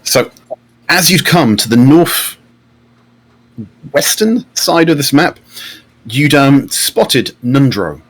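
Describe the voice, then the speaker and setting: A man's voice: mid-range voice, expressive, takes it slowly, long pauses, fairly bright tone. A man, narrating a tabletop game as game master. He talks in a chatty way, with many fillers and restarts.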